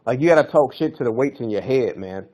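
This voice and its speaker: A man's voice: medium pitch, animated, quick pace, a little mellow, dull audio. A man hosting a fitness podcast, talking in a loose, slangy, hyped-up coaching style. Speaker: podcast host. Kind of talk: casual fitness podcast monologue.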